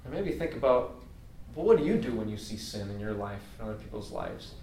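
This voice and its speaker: A man with a fairly low, darkish voice preaches a casual, heartfelt sermon, talking in a very animated, brisk, everyday way and using lots of fillers. He sounds earnest and informal. The room echoes, the mic is at a distance, and there's slight background noise.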